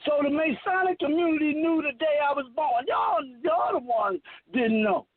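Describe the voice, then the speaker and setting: A self-proclaimed messiah in his fifties rambles through a profane, preachy monologue in an extremely high pitch at a moderate pace. He's emphatic and swears heavily. The tinny phone-line audio is dry, with no echo.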